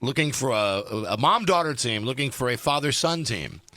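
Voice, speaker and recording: Male talk radio host, rambling, wry, bright voice, dead dry studio mic. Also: medium pitch, expressive, moderate pace, no echo. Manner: rambling, wry, restarts and lists topics. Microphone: studio microphone.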